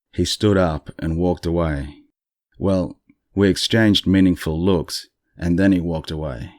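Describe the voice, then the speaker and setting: Male podcast host, very low voice, congested, casual dry storyteller, close dry sound. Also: no room sound. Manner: relaxed, chatty, dryly amused. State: congested morning voice.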